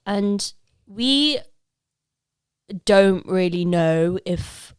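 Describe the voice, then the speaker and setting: A woman's voice: medium pitch, expressive, extremely slow, clean tone, dry recording, clean studio sound. A young woman from Leicester, England, chatting as a podcast guest, joking and free-associating with frequent laughs. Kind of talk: casual chat.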